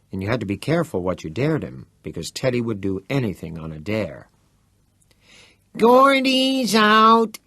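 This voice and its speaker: A man narrates a novel in the first person, his pitch rising and falling with lively expression. The sound is close and dry, with no room around it. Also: slightly rough, dry recording. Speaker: audiobook narrator.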